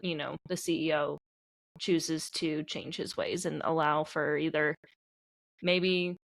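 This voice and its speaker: A woman's voice: lowish voice, dry recording. A woman co-hosting a podcast, speaking earnestly in casual discussion and hedging with "you know" and "maybe". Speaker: podcast co-host.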